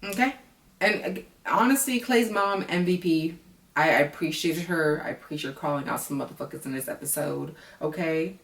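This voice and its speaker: A woman's voice: low voice, moderate pace, vocal fry, echoey room, distant mic. A woman who reviews reality TV in a casual vlog, ranting bluntly and with a lot of profanity.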